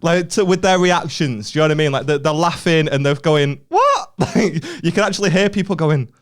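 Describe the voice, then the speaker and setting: A young comedian from northern England, co-hosting a podcast, tells a story in casual chat. His voice is fairly high and a little fast, and he's animated, laughing often and acting out what people said.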